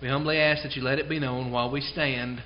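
A man preaching a sermon in a church service, earnest and emphatic, slowing down to stress key phrases. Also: mid-range voice, steady tone, noisy background. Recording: dull lo-fi sound.

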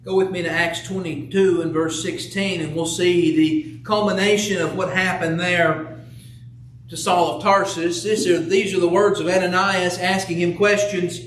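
A man's voice: sits high, steady tone, normal speed, a bit bright, far from the mic, a little hiss or hum. A man preaching a sermon in a church, earnestly asking rhetorical questions and reading scripture aloud. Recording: echoey room, voice from off the mic.

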